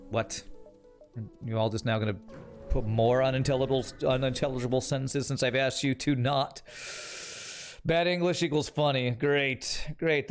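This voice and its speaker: A young man streaming a game, casually commenting on play and teasing his chat in a wry way. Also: mid-range voice. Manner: wry, teasing, talks to chat while playing.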